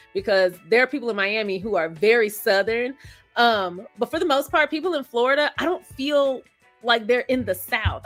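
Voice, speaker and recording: A slightly high, somewhat bright voice belongs to a woman hosting a live stream discussion. She keeps things casual, laughing often, greeting viewers by name and reading their comments.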